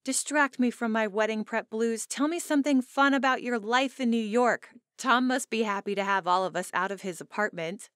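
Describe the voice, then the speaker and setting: Woman doing a high, exasperated bride-to-be. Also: moderate pace, hardly any pauses, dry recording, studio quality, close to an everyday voice. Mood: bubbly. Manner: animated, exasperated, higher-pitched. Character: anxious excitable young bride-to-be woman. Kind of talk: audiobook character voice.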